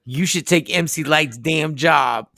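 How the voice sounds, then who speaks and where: A man hosting a morning show, loud, teasing and animated in casual banter. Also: a little high, unhurried, no room sound. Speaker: host.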